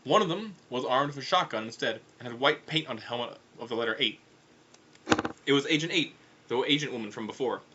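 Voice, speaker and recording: A man's voice: medium pitch, animated, a little fast, bright, forceful tone, highs cut off, slight background noise. A man narrating a comedic audiobook in a casual, offhand way with irreverent asides.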